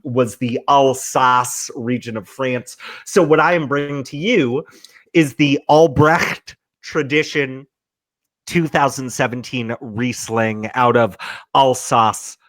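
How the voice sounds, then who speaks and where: A man's voice: medium pitch, a bit bright. A man co-hosting a casual podcast, chatting about wine in an easygoing but opinionated way. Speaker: co-host.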